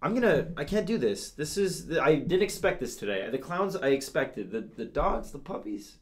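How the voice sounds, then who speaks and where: A man's voice: on the high side, big pitch swings, normal speed. A man hosting a comedic news show, playful and gushing as he talks straight to his audience.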